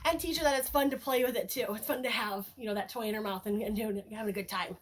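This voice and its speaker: A woman dog trainer chatting casually as she demonstrates a game with her puppy, breaking into bright sing-song praise for the dog. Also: on the high side, fast, slight background noise.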